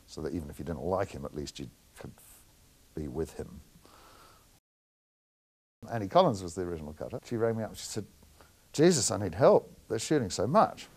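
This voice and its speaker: A man's voice: low voice, vocal fry, a little mellow. A middle-aged man, working as a film editor and answering interview questions in a candid, anecdotal way with frequent chuckles.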